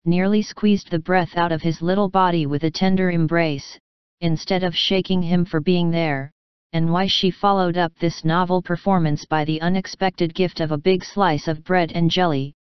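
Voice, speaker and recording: Brief: female audiobook narrator, measured storytelling, crisp voice, dull close recording. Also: on the low side, steady tone, no room sound. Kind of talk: scripted narration of a classic novel.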